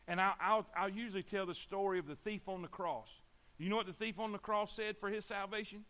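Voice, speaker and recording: A man's voice: high-pitched, fairly even intonation, fairly quick, a bit bright. A man preaching a sermon, emphatic, repeating himself and asking the congregation to answer back. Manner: emphatic, repeats words and asks the congregation for replies. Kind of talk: sermon on sharing the gospel.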